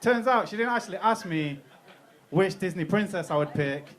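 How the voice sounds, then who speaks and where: A man's voice: sits high, expressive, moderate pace. A young British man performing a stand-up comedy set in a club, talking casually, swearing freely and laughing at his own jokes. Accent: British English.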